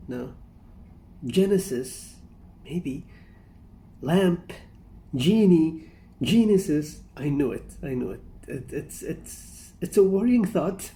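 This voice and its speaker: A man's voice: fairly high pitch, warm tone, a little hiss or hum. A man hosting a casual reaction commentary, rambling and amused, often breaking into laughter. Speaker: reaction video host.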